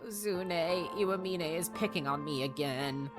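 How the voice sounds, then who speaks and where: A man's voice: on the high side, unhurried, over loud music, lightly acted. A man voicing a timid, apologetic male pigeon teacher from a game, stammering and self-deprecating. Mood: anxious. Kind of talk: reading game dialogue aloud.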